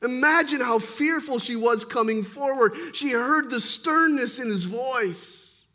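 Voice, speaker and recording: A man preaching a sermon as pastor, swinging between forceful emphasis and quiet intensity. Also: extremely high pitch, a little slow.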